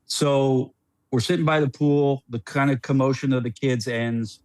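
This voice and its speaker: Middle-aged male guest, chatty storyteller, restarts and laughs a lot, mid-pitched, dry studio sound. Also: measured pace, dry recording. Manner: rambling and animated, with frequent restarts and laughs. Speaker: podcast guest, former NBA player. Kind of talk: casual storytelling on a podcast.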